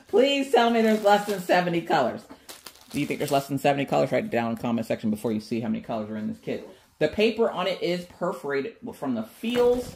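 A woman hosting an unboxing vlog, chatty and excitable, talking straight to her viewers. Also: sits low, normal speed, slight background noise. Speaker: craft channel host.

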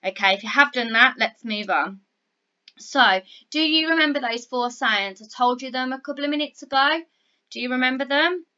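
A woman teaching phonics to young children, encouraging and clear, sounding out words slowly. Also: high-pitched, pushed and bright, dull audio. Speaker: primary school teacher.

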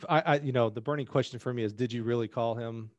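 A man's voice: medium pitch, fairly even intonation, quick pace, no echo, dull audio. A man hosting a podcast interview, asking questions and giving brief encouraging reactions. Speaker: podcast host. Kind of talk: casual interview.

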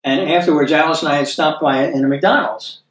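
An American man giving conversational Bible teaching, checking in with listeners through tag questions like "okay?" and slowing down to read scripture aloud. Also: a little high. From United States. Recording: echoey room, voice from a distance.

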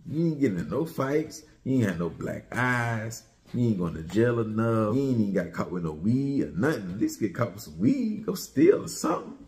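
A man's voice: mid-range voice, mellow. Male commentary host, heated and mocking, delivers a repetitive profane rant.

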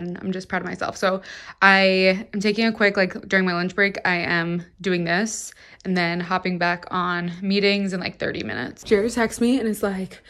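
A woman's voice: mid-range voice, fairly bright tone. Chatty young woman vlogging on her phone. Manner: chatty, rambling, lots of "like". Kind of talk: casual vlog chat. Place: home, then in a car. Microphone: phone camera.

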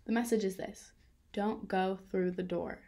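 A woman's voice: mid-range voice, fairly even intonation, a little slow, vocal fry, mellow. A woman voicing an eccentric old man who talks about mice in a mysterious, rambling way. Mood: cryptic.

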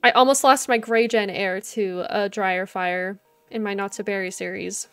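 A young woman speaks at normal speed in a steady, clean, medium-pitched voice as she streams a life-sim game. Giggling often, she chats casually with viewers and with her game characters while soft game music plays.

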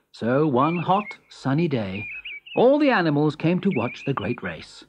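Expressive woman reading a children's story. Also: low voice, unhurried, slight background noise.

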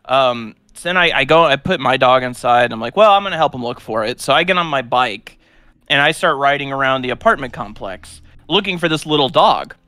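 A young man co-hosting a live stream, telling a rambling story in a casual, animated way with lots of fillers. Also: medium pitch, brisk, clear, resonant tone, no echo. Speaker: streamer co-host.

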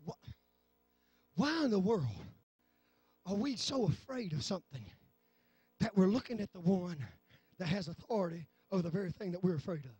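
A man preaching a fervent sermon in church, swinging from low talk to shouting. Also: lively intonation, normal speed, long pauses, slightly rough, no echo. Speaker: pastor. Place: church sanctuary.

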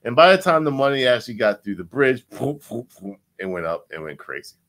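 Animated man breaking down charts. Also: a little fast. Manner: animated, repetitive, swears, sweeps between loud and low. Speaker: crypto chart analyst.

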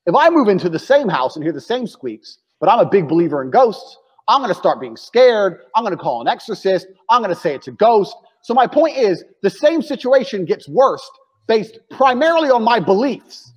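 Blunt, provocative man with lively pitch. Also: normal speed, slightly rough. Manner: blunt and provocative, swearing, acts out quoted voices. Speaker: podcast guest. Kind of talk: casual chat. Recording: dull lo-fi audio with long reverb.

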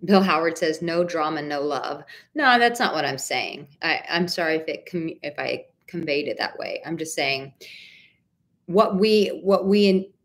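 A woman in her thirties coaching viewers through a live Q&A about relationships. Her voice sits a little low, and she speaks with blunt candor, swears casually and answers the chat warmly by name. She hits her points with emphasis. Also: expressive, a little slow. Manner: warm pet names for viewers. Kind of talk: live-stream Q&A advice.

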